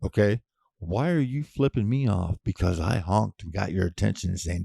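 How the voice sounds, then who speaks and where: A man hosting his own show, ranting in a casual monologue, blunt and profane with sudden loud outbursts. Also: low-pitched, moderate pace, vocal fry, husky, dry recording, studio quality. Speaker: podcast host.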